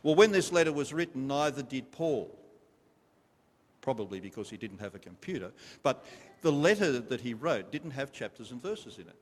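A man's voice: medium pitch, big pitch swings, moderate pace, breathy edge. A man preaching a sermon to a congregation, emphatic and repetitive, stopping to ask them questions. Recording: long reverb of a large hall.

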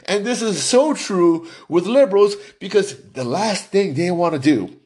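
A man hosting a podcast, talking in an animated, emphatic way with lots of restarts and "right?" tags. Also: high-pitched. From United States. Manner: deliberately animated and emphatic, pushing his voice up for effect. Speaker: podcast host. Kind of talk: animated solo podcast monologue.

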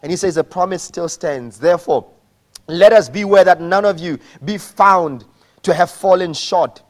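Male pastor, high voice, animated sermon delivery with shouted peaks. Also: moderate pace.

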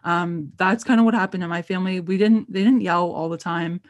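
A woman's voice: fairly low pitch, fairly even intonation, fairly quick, no room sound. Young woman cohosting a podcast, easygoing, lots of ums and likes, dry close mic. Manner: chatty, encouraging, many fillers. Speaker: podcast co-host. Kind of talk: casual chat.

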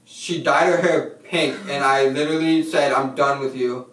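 A man's voice: mid-range voice, fairly even intonation, moderate pace, a bit bright. A man, the hosts' manager, chatting as a guest in a laid-back, wry, self-mocking way. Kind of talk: casual chat. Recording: echoey room, mic at a distance.

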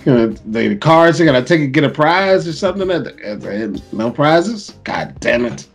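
Animated, lively-voiced man telling stories. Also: a little high, normal speed, faint music behind. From Florida. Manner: animated storyteller acting out voices, swears freely. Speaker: podcast co-host. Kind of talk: casual chat, storytelling.

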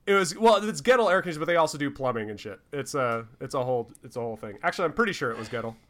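A man's voice: medium pitch, lively intonation, racing, a bit bright. A man co-hosting a casual podcast, talking in a rambling way with lots of fillers and restarts. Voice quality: rambling, many fillers and restarts, laughs often. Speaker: podcast co-host. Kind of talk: casual chat.

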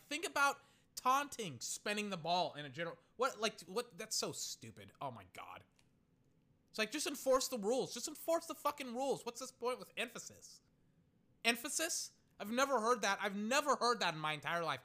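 A young man giving casual live football commentary, swinging from muttered play-by-play to loud, exasperated rants. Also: fairly high pitch. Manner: excitable, ranting, swings between muttered play-by-play and loud outbursts. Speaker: sports commentator.

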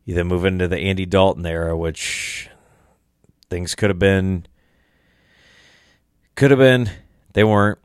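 A man's voice: low voice, fairly even intonation, unhurried, long pauses, smooth, no echo, studio quality. A young man hosting a solo podcast, tired and tipsy, rambling casually and swearing a lot. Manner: rambling, profane, laid-back. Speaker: podcast host.

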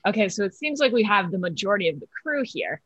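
A woman's voice: mid-range voice, fast talker, no echo, dull audio. A nineteen-year-old woman hosting a comedy club video call and doing a self-mocking stand-up bit over her laptop mic. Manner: chatty, self-mocking, exaggerated deadpan bragging. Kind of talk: casual chat and stand-up set.

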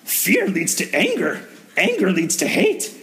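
Yoda as a man impersonates him, slow and wise. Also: sits high, huge pitch swings, a bit bright, pitched above the performer's own voice, exaggerated voice. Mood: solemn. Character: ancient small wise alien master, calm.

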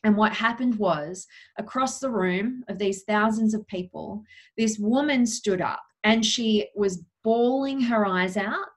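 A young woman guest in an interview, earnestly telling a personal story, slowing down for emphasis with frequent "you know" fillers. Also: mid-range voice.

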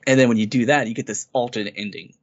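A man's voice: medium pitch, fairly even intonation, fast talker. A man co-hosting a podcast, casually and eagerly retelling a game's story in a rambling way. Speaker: podcast co-host. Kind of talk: casual game review chat. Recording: dull lo-fi recording.

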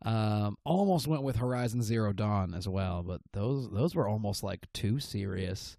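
Man, podcast co-host, wry joking, mellow voice, dry close sound. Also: on the low side, expressive, unhurried, creaky, no room sound. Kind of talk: casual chat.

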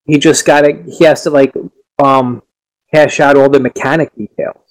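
A man's voice: medium pitch, fairly even intonation, normal speed, poor audio. A man co-hosting a casual gaming podcast, enthusiastic and repeating his points.

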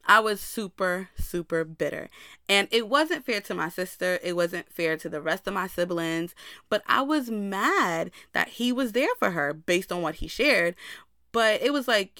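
A woman's voice: mid-range voice, animated, unhurried, pushed and bright, dry recording, studio quality. A young woman hosting a podcast, telling a personal story in a candid way and talking straight to her listeners. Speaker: podcast host.

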